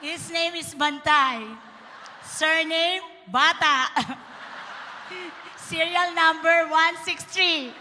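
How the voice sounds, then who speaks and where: A woman with a Filipino accent doing comic banter on a concert stage, joking loudly and switching between English and Tagalog. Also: very high voice, very slow, long pauses, background noise. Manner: joking, mixes English and Tagalog, loud outbursts. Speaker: comedian and guest performer. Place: large concert hall stage. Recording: echoey concert hall with faint music.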